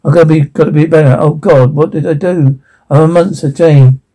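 A man's voice: fairly high pitch, steady tone, a little fast, mellow, natural voice. A man voicing an anguished male robot man who talks in a distraught, pleading way.

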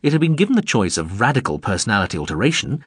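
A low, husky male narrator reading fiction with a lively, rolling pitch. The recording is dry and close, with no room around the voice. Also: dry recording. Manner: measured storytelling. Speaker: audiobook narrator. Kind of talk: scripted narration.

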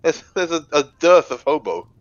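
A man's voice: a little high, big pitch swings, normal speed. A man chatting as a player, incredulous and teasing. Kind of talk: casual chat among friends. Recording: muffled lo-fi recording.

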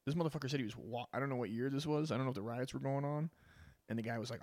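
A man's voice: medium pitch, lively intonation, racing, a little mellow, no echo. A man giving a rambling, profane monologue as a podcast host, tossing "dude" into nearly every sentence. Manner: crude, rambling, says "dude" constantly.

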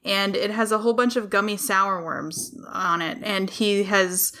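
A woman's voice: mid-range voice, fairly even intonation, unhurried, sharp tone. A woman co-hosting a podcast in a studio, chiming in with dry, wry remarks. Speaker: podcast co-host. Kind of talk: casual banter.

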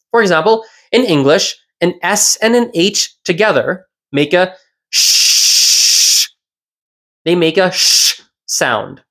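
A language teacher hosting a solo educational podcast, explaining step by step, repeating key points and asking rhetorical questions. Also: mid-range voice.

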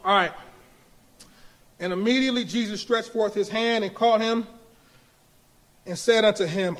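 A male pastor preaching a sermon, building from quiet talk to shouted appeals with laughter in between. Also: sits high, normal speed, long pauses. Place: church.

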